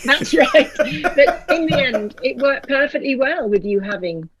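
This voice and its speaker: A woman's voice: high-pitched, lively intonation, unhurried, fairly bright tone, slight background noise, poor audio. A middle-aged woman, an opera singer, telling stories in a chatty way and laughing often on a video call. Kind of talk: casual chat.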